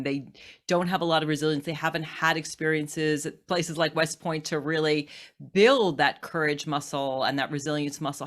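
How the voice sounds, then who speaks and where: A woman in her fifties hosting a podcast interview, asking questions in an encouraging, reflective way. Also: low-pitched. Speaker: podcast host.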